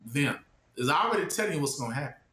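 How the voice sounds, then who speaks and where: A man preaching in a loose, informal way, with a bright, sharp tone. He keeps stopping on "what?" so listeners can finish his sentences. The sound is roomy and echoing. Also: fairly high pitch, sing-song, fast talker. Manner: asks the audience to fill in the word with "what?".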